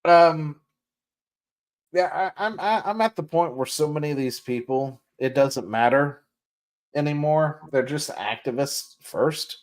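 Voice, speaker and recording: A man's voice: a little high, measured pace. A man hosting a casual podcast, reading news aloud and mocking it with sarcasm, laughter and swearing. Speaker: podcast host.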